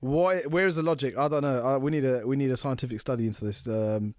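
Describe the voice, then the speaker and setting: A man co-hosting a podcast, telling animated stories and laughing often. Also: medium pitch, fast talker, no echo, clean studio sound. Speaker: podcast co-host. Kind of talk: casual chat.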